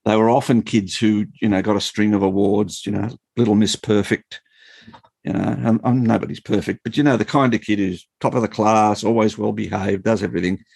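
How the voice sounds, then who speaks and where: A man, a former school principal, teaching the Bible in an animated, storytelling way, often chuckling. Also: fairly low pitch, brisk, gravelly, husky, dry recording. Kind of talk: explanatory Bible talk.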